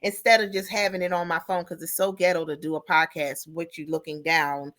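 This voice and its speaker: This middle-aged co-host's voice sits low and she speaks fairly quickly, recounting stories on a chatty podcast and acting out the callers and others with lively energy.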